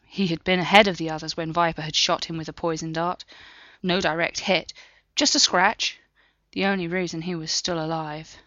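Low-voiced woman reading a thriller story. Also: no echo, muffled recording. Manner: steady, measured reading. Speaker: audiobook narrator. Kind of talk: scripted narration.

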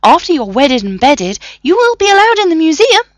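A woman voicing a flustered, fussy male professor who talks breathlessly in a high, fluttering voice. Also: very animated, brisk, no echo. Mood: eager.

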